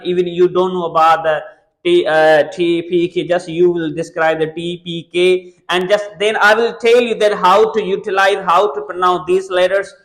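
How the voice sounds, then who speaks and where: Guy with a high voice teaching english, keeps calling out to the viewers, pretty energetic. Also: low-quality recording. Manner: energetic, addresses viewers repeatedly, halting phrasing. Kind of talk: spoken English lesson.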